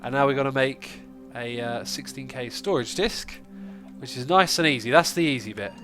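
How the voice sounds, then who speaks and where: A man's voice: mid-range voice, normal speed, fairly bright tone, soft background music. A man with a stuffy, congested nose hosting a casual gaming livestream, chatting and thinking aloud as he plays. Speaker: livestream host.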